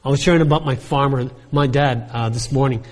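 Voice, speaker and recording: A man's voice: mid-range voice, brisk. A pastor preaching a sermon, emphatic, who keeps asking his congregation for an amen. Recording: long reverb of a large hall.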